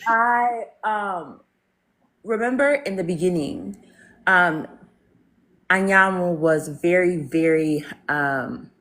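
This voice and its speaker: A woman's voice: fairly low pitch, slow pace, fairly bright tone. A woman joining a book discussion over a video call, talking animatedly with many fillers and acted-out quotes. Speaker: discussion participant. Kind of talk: casual literary discussion.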